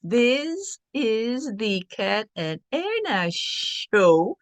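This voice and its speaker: A woman co-hosting a casual spiritual chat show, speaking in a slow, drawn-out way and laughing often. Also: on the high side, big pitch swings, no echo. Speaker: podcast co-host.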